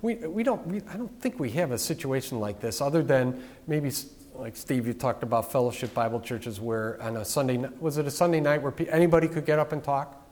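A male pastor giving an informal, conversational sermon with animated asides. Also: medium pitch, brisk. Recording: long reverb from a large hall.

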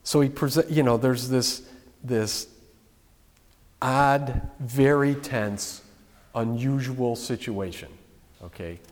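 A man's voice: medium pitch, slow pace, long pauses. A man preaching a sermon in a conversational way, full of restarts, asides and questions to the congregation. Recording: long reverb of a large hall.

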